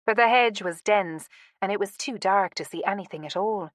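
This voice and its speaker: This is scripted romance-audiobook narration by a woman whose medium-pitched voice stays measured and expressive. The sound is dry and of studio quality.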